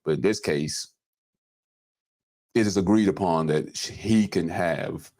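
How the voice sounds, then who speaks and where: A man's voice: deep voice, measured pace, darkish tone. A man hosting a podcast in easygoing casual chat, leading the conversation into each topic. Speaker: podcast host.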